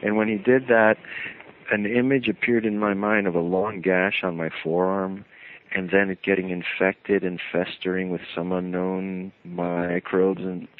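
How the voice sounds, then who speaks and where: A man tells a personal story as a radio guest, animated and acting out each moment. His voice sits on the low side. It comes through a thin, phone-like line. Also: measured pace, slight background noise. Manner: animated storyteller who acts out the scene. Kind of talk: telling a personal story on a call-in radio show.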